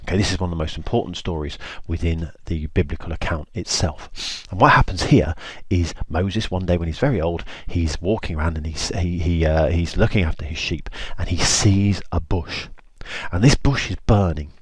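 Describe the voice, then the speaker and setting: A man's voice: low-pitched, moderate pace, slightly rough, no echo. A man teaching a lesson, retelling a Bible story in an informal, chatty way.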